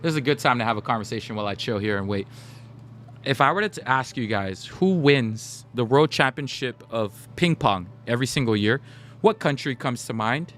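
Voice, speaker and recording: A man's voice: medium pitch, animated, normal speed, fairly bright tone. A young man chatting casually with his stream viewers, telling stories and talking straight to the chat. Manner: chatty, storytelling, talks to chat. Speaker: gaming livestreamer.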